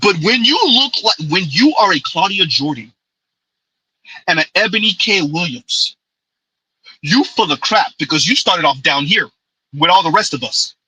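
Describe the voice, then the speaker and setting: A man's voice: high-pitched, animated, moderate pace, bright, forceful tone, slightly rough, dry recording, rough recording. A man, giving an opinionated commentary monologue with emphatic call-outs and rhetorical asides. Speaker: commentary vlogger.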